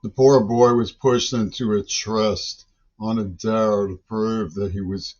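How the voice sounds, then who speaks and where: A man's voice: lowish voice, darkish tone. An older man delivering a long, agitated, rambling monologue, often breaking off words and restarting. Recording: dull lo-fi recording.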